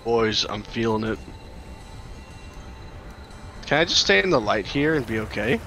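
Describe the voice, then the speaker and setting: A man's voice: mid-range voice, sing-song, unhurried, fairly bright tone, faint music behind. A man swearing and complaining at a monster while playing a horror game with friends. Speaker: player. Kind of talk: live gaming banter.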